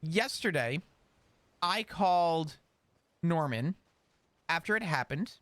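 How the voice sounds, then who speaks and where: A man stays in character as he tells his story, rambling and animated. His voice sits high and swings widely in pitch. It is recorded dry and close, with no room sound. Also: slow pace, no room sound. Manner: animated, rambling recount with restarts. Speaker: roleplay character in a GTA server. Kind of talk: in-character storytelling recounting events.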